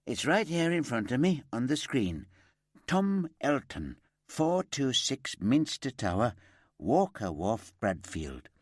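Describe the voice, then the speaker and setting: A man's voice: medium pitch, sing-song, slow, no echo, studio quality, pitched above the performer's own voice. A man voicing a chatty middle-aged woman shop worker who rambles and gossips. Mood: eager. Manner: gossipy, rambling, eager to help. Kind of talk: audiobook character voice.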